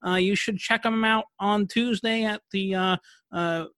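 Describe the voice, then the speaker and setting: A man putting on the voice of a dull, droning baseball stats analyst in slow, monotone speech. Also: high-pitched, dry recording, clean studio sound, pitched above the performer's own voice.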